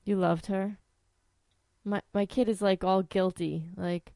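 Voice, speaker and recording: A woman's voice: medium pitch, slow pace, darkish tone, no room sound, clean studio sound. A woman hosting a talk radio show, chatting casually, swearing, and singing along to old songs.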